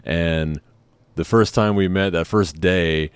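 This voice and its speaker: A man's voice: sits low, fairly even intonation, takes it slowly, clear, resonant tone, no echo. A man telling personal stories in a laid-back, rambling way, often saying "man" and "I mean". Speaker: vlogger. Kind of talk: casual storytelling.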